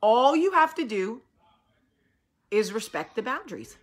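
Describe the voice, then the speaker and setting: A woman's voice: fairly high pitch, sing-song, unhurried. A woman host in her thirties, coming down with a cold, talking bluntly and acting out quoted voices in casual chat.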